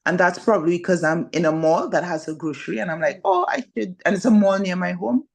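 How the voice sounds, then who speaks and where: A woman with a Trinidadian accent, a teacher chatting in an interview, animated and quick in bursts, with many fillers. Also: fairly low pitch, gravelly. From Trinidad and Tobago. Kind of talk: casual interview chat. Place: living in Shanghai.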